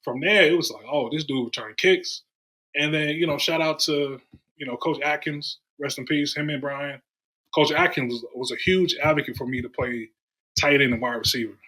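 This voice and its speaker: A man's voice: on the high side, normal speed, rough recording. A man from Durham, North Carolina, a podcast guest telling stories in casual chat and acting out the voices of the people he quotes. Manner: animated storyteller, acts out quoted voices.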